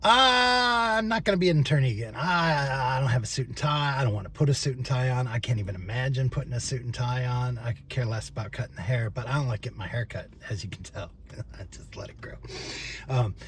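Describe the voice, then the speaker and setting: A man's voice: medium pitch, animated, brisk, a bit bright. Older guy rambling to camera, cusses a lot, chuckles, faint noise behind. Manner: rambling, chatty and profane, with frequent fillers and chuckles. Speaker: vlogger, former trial attorney. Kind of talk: casual rambling monologue.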